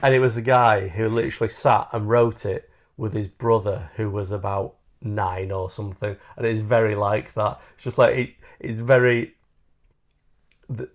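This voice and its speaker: A man's voice: lowish voice, flat delivery, moderate pace. A man co-hosting a podcast, chatting casually and rambling through stories, laughing at his own jokes. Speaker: podcast co-host. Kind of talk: casual chat.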